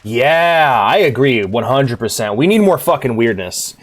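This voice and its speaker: Excitable young man streaming a game. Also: mid-range voice, unhurried. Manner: excitable, swears freely, laughs a lot. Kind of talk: casual gameplay commentary.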